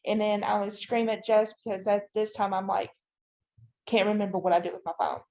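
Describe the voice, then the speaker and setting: A woman's voice: mid-range voice, little pitch movement, brisk, a little mellow. A woman guest on a podcast, giving a detailed personal account and often using "you know" and "I'm like". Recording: dull, lo-fi audio.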